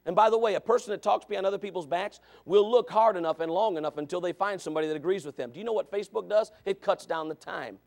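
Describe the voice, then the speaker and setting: A man preaching a Sunday school sermon as a Baptist preacher, hammering points through repetition and building up to shouting. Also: sits high, fast, vocal fry, few pauses.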